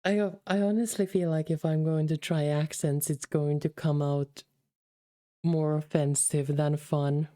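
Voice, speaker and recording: A woman's voice: low-pitched, fairly even intonation, a little slow, warm tone, no room sound, clean studio sound. A woman streamer chatting casually with her viewers while reading a game, affectionately calling them darlings.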